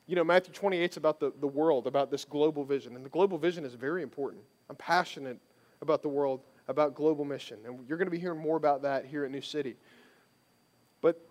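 Man preaching in a conversational sermon. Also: a little high. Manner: conversational, emphatic preaching with repeated phrases. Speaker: pastor.

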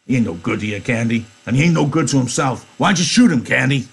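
A man's voice: mid-range voice, expressive, fast talker, creaky, slightly rough, voice pushed up. A man voicing a blunt, heavy-set, pushy male ranch hand, reading a novel aloud in class. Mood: insistent. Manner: loud, insistent, hard-pressing delivery.

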